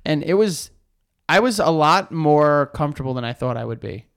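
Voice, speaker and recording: A man's voice: on the high side, lively intonation, normal speed, gravelly, a bit bright. A young man co-hosting a podcast in casual chat, laid-back and rambling, swearing often. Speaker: podcast co-host.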